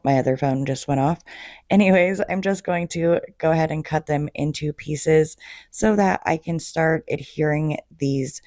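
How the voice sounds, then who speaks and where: A woman narrating a casual DIY craft tutorial in a chatty, gushing way, her voice slightly hoarse. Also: deep voice, mellow, dry recording, studio quality. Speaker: DIY home decor creator.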